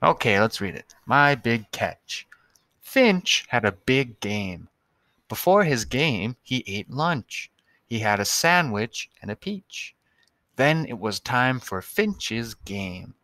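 A man's voice: mid-range voice, big pitch swings, slow pace, pushed and bright, dry recording. A male teacher giving a recorded lesson to young students, patient and spelling out words one by one.

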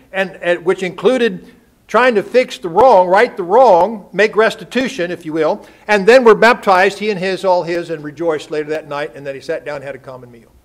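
An older man preaching a sermon, folksy and full of rhetorical questions and homespun stories. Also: sits high. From United States. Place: church sanctuary.

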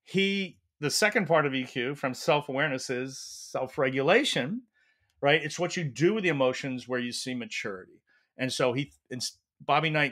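Male academic guest, storytelling answers, mid-range voice, animated. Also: medium pitch. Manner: animated storyteller, acts out quotes. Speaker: leadership professor, guest.

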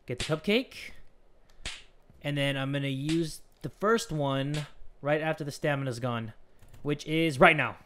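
A young man giving excitable let's play commentary, swinging between whispers and shouts at the game. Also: fairly high pitch, a little slow, long pauses. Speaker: gaming YouTuber.

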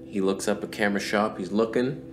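A man's voice: fairly low pitch, brisk, background noise. A man vlogging about cameras, telling a comic story and acting out his friends' lines. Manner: animated, acts out friends' voices. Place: outdoors.

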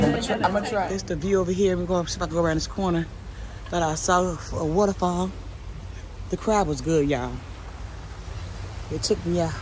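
A woman's voice: on the low side, steady tone, fairly quick, long pauses, background noise. Chatty woman vlogging a cruise. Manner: chatty, candid, uses y'all. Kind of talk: casual travel vlog chat. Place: outdoors on shore, then aboard a ship.

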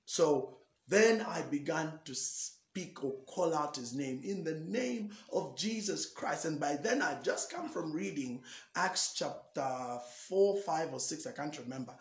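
A man, a pastor, telling a personal testimony in an animated storytelling way, acting out the dialogue. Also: on the high side, measured pace. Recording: echoey room.

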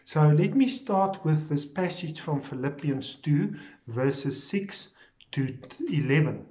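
A man preaching a recorded sermon episode, slow and deliberate, stressing key words and repeating phrases for emphasis. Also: a little high, animated, darkish tone.

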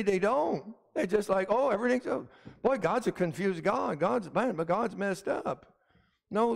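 A man's voice: high voice, big-room sound. A man preaching a sermon as pastor, emphatic, often calling out "Amen?" to the congregation. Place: church sanctuary.

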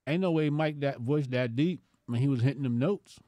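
A man's voice: mid-range voice, moderate pace, warm tone, dry recording. A man co-hosting a casual podcast with blunt, wisecracking remarks. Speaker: podcast co-host.

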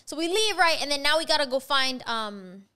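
Podcast host: high, bright woman, rapid-fire profane storytelling. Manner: fast, profane, animated storytelling. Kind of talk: casual storytelling chat.

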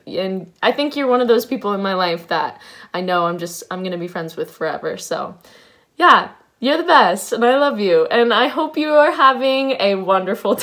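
A woman's voice: medium pitch, lively intonation, normal speed, a bit bright. A young woman sending a longtime friend birthday wishes in a casual video message, bubbly and reflective with laughs between thoughts. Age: young adult.

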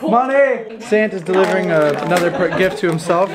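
A man's voice: sits high, expressive, a little fast. A young man vlogging at a family Christmas gathering, joking around and hamming it up with a mock-Santa act. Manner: jokey, hammy mock-Santa announcing with ho-hos. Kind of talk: casual vlog talk and playful hosting. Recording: family chatter in the background. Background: family talking nearby.

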